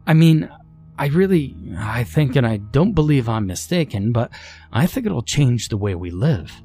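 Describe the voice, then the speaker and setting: A man's voice: mid-range voice, big pitch swings, moderate pace, warm tone, slightly rough, soft background music, voice pushed up. A man voicing an earnest inventor who insists his potion works. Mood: eager. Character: eager male inventor with a miracle potion.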